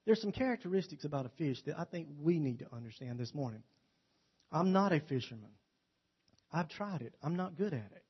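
A man preaching a sermon with a slightly high voice, folksy and quick to joke, spinning homespun stories for his listeners. The recording sounds dull and lo-fi. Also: husky. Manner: folksy, joking storyteller.

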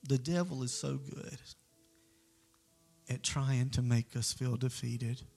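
A man's voice: medium pitch, steady tone, slow, gravelly, a little mellow, faint music behind. A man preaching in an earnest, conversational way, telling a story as part of a sermon.

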